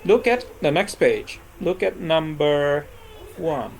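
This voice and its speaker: An English teacher giving a grammar lesson to a live class, checking in with "okay?" and "right?" after almost every phrase and repeating example sentences slowly. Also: mid-range voice, big pitch swings, vocal fry, darkish tone, rough recording. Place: classroom with students.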